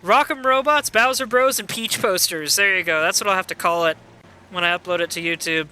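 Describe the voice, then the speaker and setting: A man's voice: sits high, fairly quick, pushed and bright, smooth. A man casually commenting on a game playthrough live, wry and chatty, reading viewer messages aloud. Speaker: gaming streamer.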